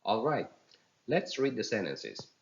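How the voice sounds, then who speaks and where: A man teaching English pronunciation, reading practice words slowly and clearly for learners to repeat. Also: on the low side, very animated, dull audio, slight background noise. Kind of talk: slow teaching with drills.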